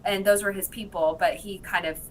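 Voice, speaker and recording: A woman recapping TV episodes in casual chat, telling the story with lots of fillers and quick bits of the characters' lines. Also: mid-range voice, steady tone, slight background noise, rough recording. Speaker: podcast guest.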